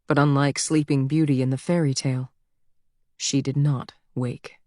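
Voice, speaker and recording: Brief: female audiobook narrator, low voice, dry close studio sound, measured reading. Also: little pitch movement, darkish tone, no echo.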